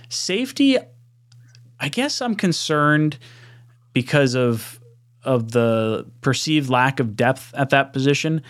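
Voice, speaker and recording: A man's voice: medium pitch, clean tone. A man hosting a sports talk podcast, chatting casually and reading out listener comments. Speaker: podcast host. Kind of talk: casual chat.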